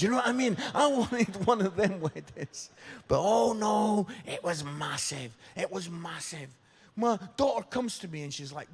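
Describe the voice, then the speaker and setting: A man in his fifties giving a humorous, animated sermon, joking with the congregation as he tells stories. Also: sits high, moderate pace, slightly rough. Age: 50s. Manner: animated, jokey, crowd-engaging. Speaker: preacher. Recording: long hall reverb.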